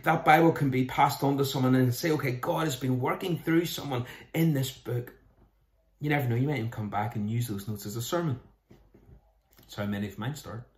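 An earnest pastor, talking his hearers through practical advice in a sermon. He keeps a steady mid-range voice, and the echo of a roomy space rings around him. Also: medium pitch. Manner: earnest, conversational preaching with rhetorical questions.

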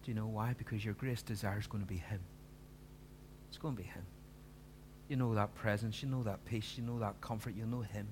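A man's voice: fairly low pitch, steady tone, fairly quick, noisy background. A man preaching a sermon, earnest and pleading, pressing his listeners with emphatic questions.

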